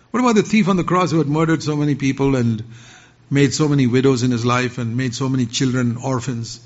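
An older man preaching a sermon to a seated congregation, firing off sharp rising questions and dropping to quiet asides. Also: mid-range voice, fast. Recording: dull lo-fi sermon recording.

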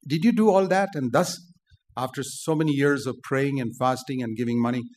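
An older man preaching a sermon, forceful and emphatic, rising to loud outbursts. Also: mid-range voice, a little fast.

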